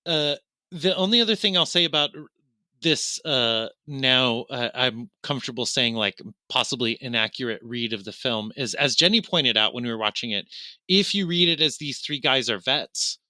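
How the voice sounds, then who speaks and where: Film podcast guy, really bright sharp tone, dry mic, loose and swearing. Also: medium pitch, moderate pace, dry recording. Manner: animated, swears casually, acts out quotes. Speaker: podcast co-host. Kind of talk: casual film discussion.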